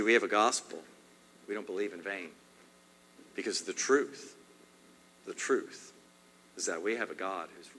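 Bright-voiced man preaching with hall reverb. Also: fairly low pitch, slight background noise. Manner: emphatic, swings loud and soft, repeats phrases. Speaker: pastor. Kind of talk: sermon.

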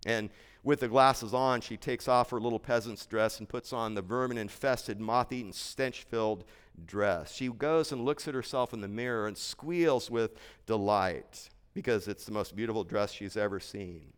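Male preacher, sermon storytelling, smooth resonant voice, emphatic, dramatic pauses. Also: medium pitch.

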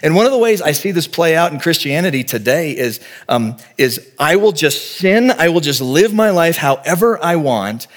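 A man's voice: fairly high pitch, lively intonation, moderate pace, few pauses. A man in his forties, a pastor giving a sermon in a conversational, earnest way, telling vivid stories and speaking plainly to the congregation.

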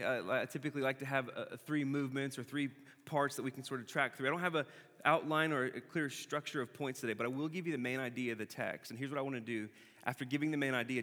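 Conversational preacher in a reverberant church. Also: male voice, mid-range voice, fairly bright tone. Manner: conversational preaching, repeats key phrases slowly for emphasis. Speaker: pastor. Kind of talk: sermon. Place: church sanctuary.

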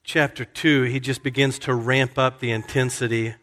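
A man's voice: mid-range voice, level tone, normal speed, a bit bright. A male pastor preaching a sermon, telling a story in a conversational way that often restarts mid-sentence. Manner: conversational, self-correcting storyteller. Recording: long hall reverb.

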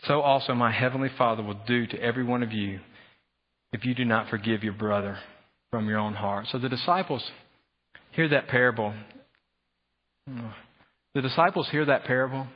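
A husky male pastor preaches in a big church hall, and his voice trails off into a long reverb. He is animated and slips into other people's voices to make his point. The sound is slightly dull. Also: mid-range voice, normal speed, long pauses. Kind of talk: sermon.

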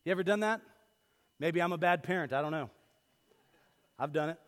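Male pastor, sermon delivery, higher voice, lively and then hushed, big reverberant sanctuary. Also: a little fast. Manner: lively storytelling, swings from loud to hushed. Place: church sanctuary. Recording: long hall reverb.

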